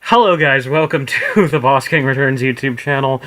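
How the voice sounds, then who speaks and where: A man's voice: mid-range voice, normal speed, fairly bright tone, poor audio. A man streaming a live game let's play, reading dialogue aloud in a casual, swearing manner. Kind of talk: casual live gameplay narration. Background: game music.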